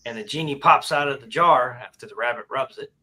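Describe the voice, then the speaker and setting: A man in casual banter, telling an animal joke with loud voices for the characters. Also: medium pitch, a little fast.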